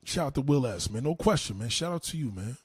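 A man ranting to a live chat as a streamer, loud, heated and profane. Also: medium pitch, lively intonation, fast, slightly rough, no echo. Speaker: online streamer.

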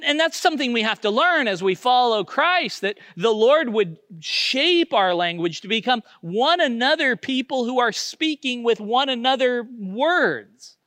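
A middle-aged man preaching a sermon as pastor, earnest, moving from loud emphasis down to hushed, almost whispered lines. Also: very high voice, no room sound.

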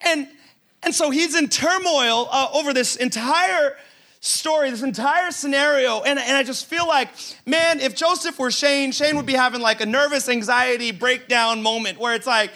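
A man preaching a sermon as pastor, his voice sitting high and sounding crisp and bright. He tells stories with humor, acts out imagined lines, and doubles up words when he drives a point home. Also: moderate pace. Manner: humorous storytelling with acted-out quotes; animated, repeats words while building a point.

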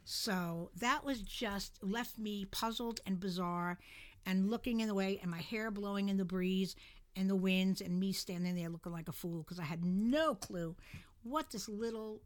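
Middle-aged lady telling a ghost story, gets loud and dramatic, chatty podcast vibe. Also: medium pitch, normal speed. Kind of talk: casual storytelling chat.

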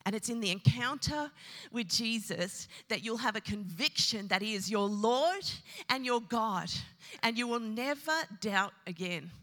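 A woman's voice: fairly high pitch, animated, measured pace, a bit bright. A woman pastor preaching a sermon with emphasis, repeating her key phrases. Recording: long hall reverb.

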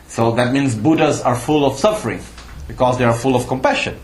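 A man with a mid-range voice speaks a little fast while giving a Buddhist teaching to a live audience in a retreat teaching hall. He explains patiently, checks in with questions, and his phrasing is slightly non-native. The room is roomy, with faint ambience.

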